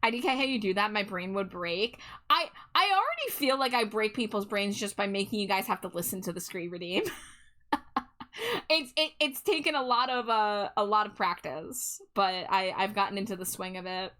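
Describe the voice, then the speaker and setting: Bright-voiced woman streamer chatting. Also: mid-range voice, lively intonation, normal speed. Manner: chatty, reads chat aloud, laughs often. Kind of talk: casual chat while drawing on stream.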